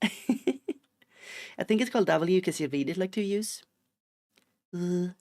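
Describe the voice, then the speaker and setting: A man's voice: sits high, normal speed, a little mellow. A Swedish-accented man from Sweden, a streamer chatting casually and playfully while he plays a game, given to rambling asides and mock-indignant outbursts. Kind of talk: casual chat while gaming.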